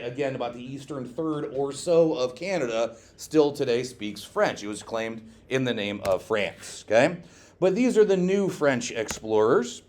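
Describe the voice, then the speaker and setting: Male classroom teacher, mid-pitched, joking and animated, keeps quizzing students. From Scotland. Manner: lively, joking, asks the class questions and adds "okay?" often. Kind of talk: classroom lecture.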